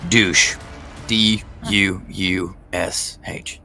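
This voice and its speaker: A man playing Quinn, a gravelly deadpan adventurer. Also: sits low, extremely slow, soft background music, heavily acted. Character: Quinn, a blunt, wry young adventurer man.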